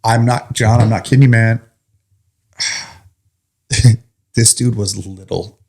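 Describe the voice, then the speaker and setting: A firefighter guest tells his story in a casual chat, joking and acting out what people said. His low-ish voice is slow, with vocal fry, and his manner is animated.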